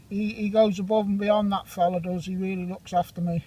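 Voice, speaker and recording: A fairly high-voiced man in his forties rambles casually as he works a field with his metal detector, joking, teasing friends, and handing out shout-outs between finds outdoors. He speaks a little fast with little pitch movement and few pauses, and the recording is low quality.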